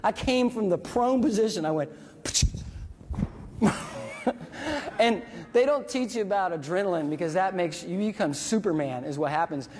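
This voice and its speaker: A man and military veteran telling a story to an audience, animated and acting out dialogue and sound effects. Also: high-pitched, normal speed, long pauses. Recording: long reverb from a hall.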